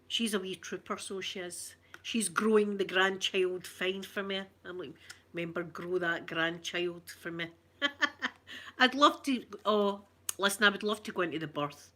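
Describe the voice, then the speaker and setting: A woman's voice: mid-range voice, normal speed, bright, forceful tone. A middle-aged Scottish woman, an ASMR streamer chatting casually, telling rambling stories and reading out viewer comments. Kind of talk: casual live chat.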